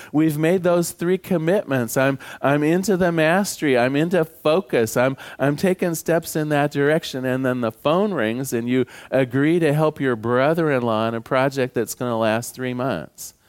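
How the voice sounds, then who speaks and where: A man's voice: fairly high pitch, darkish tone. A man preaching a sermon as pastor, conversational and humorous, telling jokes to his congregation.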